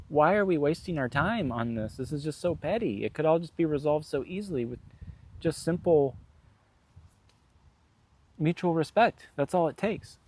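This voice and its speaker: A man's voice: fairly high pitch, animated, moderate pace, long pauses, darkish tone, no echo. A man vlogging in a casual, rambling storytelling monologue, frank and profane, full of fillers.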